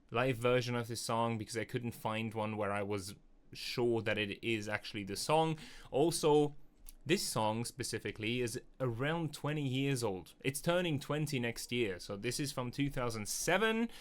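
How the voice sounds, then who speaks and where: Male reaction host, mid-pitched voice, casual and upbeat, talks through what he hears. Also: smooth. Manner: chatty and upbeat, explains as he listens. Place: small metal shipping container used as a studio. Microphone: studio microphone.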